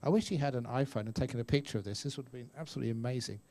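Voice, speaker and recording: An older man gives a relaxed, story-filled Buddhist talk at a retreat. He chats with his listeners and now and then acts out voices in the stories he tells. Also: medium pitch, rapid-fire. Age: 60s. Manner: chatty storyteller, acts out voices, laughs often. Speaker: Buddhist monk teacher. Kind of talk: dharma talk answering questions. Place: meditation retreat hall.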